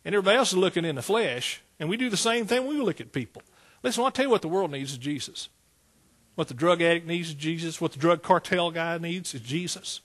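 A pastor preaching a sermon, telling his own story in a lively way and often breaking into exclamations of praise. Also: a little high, husky.

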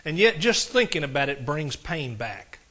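A man with a drawl delivers a sermon in a folksy, conversational way, often turning to his congregation with quick asides. His voice is bright and sits slightly high. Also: very animated. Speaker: pastor.

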